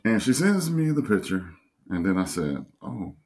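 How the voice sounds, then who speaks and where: A young man co-hosting a couples podcast, telling a story in a casual way and acting out other people's voices. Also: moderate pace. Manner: animated, acts out other voices in a high pitch. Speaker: podcast co-host.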